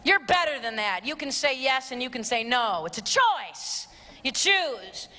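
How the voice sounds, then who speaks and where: A woman's voice: high-pitched, very animated, unhurried, sharp tone. A woman giving an emphatic, direct live talk to a youth audience in a large church hall. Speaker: abstinence speaker. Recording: long hall reverb, faint crowd.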